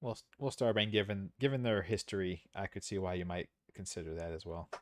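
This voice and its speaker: A man's voice: low-pitched, steady tone, fairly quick, no echo. A man giving casual, sarcastic, rambling commentary while streaming a game.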